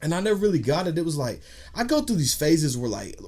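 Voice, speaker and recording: Somewhat high-voiced man, podcast guest, cussing, acting out his stories. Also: fast. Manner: profane, animated storyteller acting out quotes. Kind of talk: casual storytelling chat.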